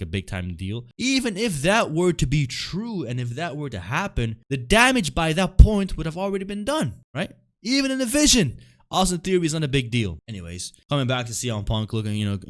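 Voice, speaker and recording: A man recapping a wrestling show in a casual, frustrated rant, full of fillers and rhetorical questions. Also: mid-range voice.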